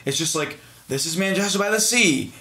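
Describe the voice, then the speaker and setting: A man from Massachusetts, co-hosting a casual movie discussion and talking in an animated way. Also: sits high, brisk. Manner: animated, does mocking impressions. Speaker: podcast co-host. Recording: echoey room.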